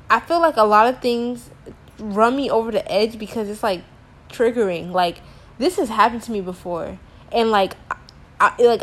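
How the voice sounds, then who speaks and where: A young woman telling a frustrating story to camera in a casual rant, exasperated and slangy, with many filler words. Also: medium pitch. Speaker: teacher.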